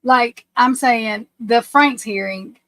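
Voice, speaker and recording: Lady on a livestream, kinda high voice, nervous and stumbling over her words. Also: sharp tone, dry recording, rough recording. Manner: anxious, flustered, halting restarts. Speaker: livestream host. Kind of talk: casual livestream chat.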